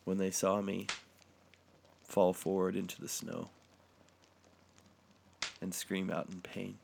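A man reading a dark comic story in the first person, with a deadpan delivery. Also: deep voice, slow, gravelly, a little hiss or hum.

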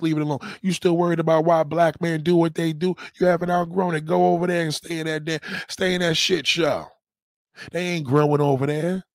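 A man hosting a livestream, giving a blunt, profane motivational rant and slowly repeating a mantra. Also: a little high, no echo, clean studio sound. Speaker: livestream host.

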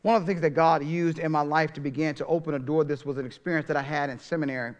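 Middle-aged male pastor, sermon delivery, slightly high-pitched, dynamic from hush to loud. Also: fairly even intonation, fast talker. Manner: dynamic preaching, swings from hushed to loud.

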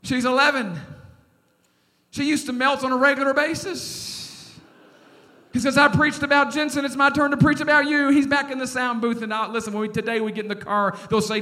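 Man, middle-aged, pastor, sermon, very high voice, long church-hall reverb. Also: normal speed. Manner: animated preaching with call-and-response.

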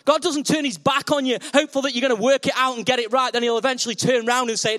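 High-voiced energetic male preacher. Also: fast talker. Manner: playful, energetic, directly addresses congregation. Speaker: pastor. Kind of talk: sermon.

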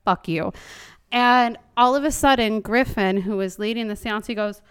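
A woman leading a paranormal discussion group, telling her own stories in an animated way, swearing and laughing, into a handheld microphone. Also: fairly high pitch, normal speed, clean tone. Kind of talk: casual storytelling to a group.

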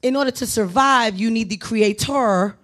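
A woman's voice: a little high, normal speed, a bit bright. A woman pastor giving a sermon in a conversational, self-deprecating way, moving into urgent exhortation. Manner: conversational, self-deprecating preaching with playful asides.

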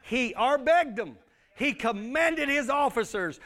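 A man's voice: very high voice, lively intonation, takes it slowly, fairly bright tone. A male pastor, preaching a sermon with emphatic call-and-response.

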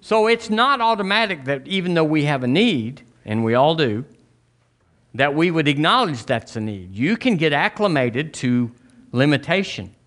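A man preaching a sermon as pastor, telling folksy stories and acting out quotes in sudden high voices. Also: very animated, normal speed, a bit bright. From Southern US.

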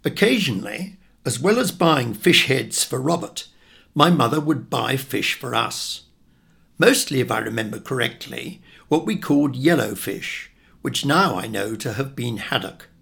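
A man's voice: medium pitch, animated, unhurried, creaky, a bit bright, husky. An older man from England reading his childhood memoir in a wry, reflective way. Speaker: narrator.

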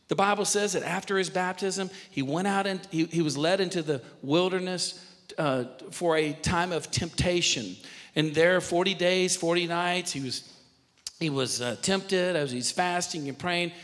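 Bright-voiced male pastor preaching. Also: high voice, a little slow, in a large hall. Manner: repetitive, building to emphatic shouts. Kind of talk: sermon.

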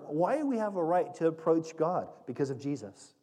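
A man gives a conversational sermon in a fairly high, mellow voice. He speaks earnestly and directly, often restarting and repeating his words. The long reverb of a church hall trails behind him. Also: very animated, normal speed, hardly any pauses. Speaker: pastor teaching a Bible passage.

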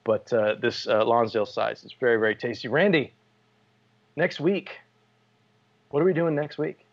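A man's voice: medium pitch, steady tone, moderate pace, muffled recording. A man co-hosting a podcast in casual chat, joking and telling stories. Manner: jokey, storytelling, laughs often. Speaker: podcast co-host.

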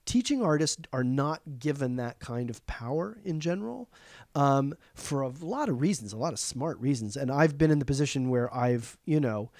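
A man's voice: medium pitch, animated, moderate pace, a little mellow, no echo. A man talking casually about his work as an arts education administrator, reflective and thinking aloud with frequent fillers. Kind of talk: casual conversation.

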